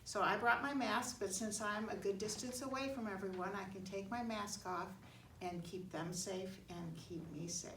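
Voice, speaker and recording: A woman tells a Bible story to young children, using gentle, simple words. She sounds like she is standing well back from the mic in an echoey church. A faint hiss runs under her voice. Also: mid-range voice. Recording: echoey room, mic far off, faint noise.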